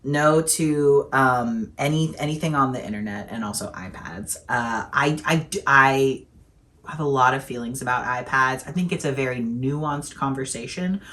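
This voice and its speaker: Very deep-voiced young woman co-host. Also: moderate pace, fairly bright tone. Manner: dry, joking asides. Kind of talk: casual chat Q&A.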